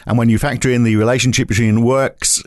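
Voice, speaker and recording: A man's voice: medium pitch, little pitch movement, fast, dry recording, studio quality. Chatty, jokey male podcast host. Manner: jokey, chatty, with many fillers. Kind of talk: casual podcast chat.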